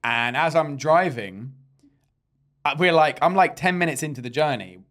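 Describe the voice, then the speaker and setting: A man's voice: on the high side, moderate pace, fairly bright tone. A man co-hosting a comedy podcast, telling a rambling, sweary story in casual chat. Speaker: podcast co-host.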